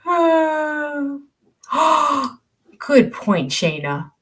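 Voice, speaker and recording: A woman's voice: sits high, very animated, drawn-out words, fairly bright tone. An older woman hosting a livestream, chatting casually, reading viewer comments aloud and laughing often. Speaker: livestream host.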